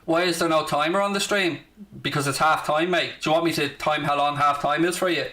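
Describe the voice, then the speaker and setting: The speaker, a football watchalong streamer from South Dublin, Ireland, has a Dublin accent and a voice on the high side that is steady, brisk, bright and forceful. His live-stream chat is casual, sarcastic brash banter with plenty of swearing.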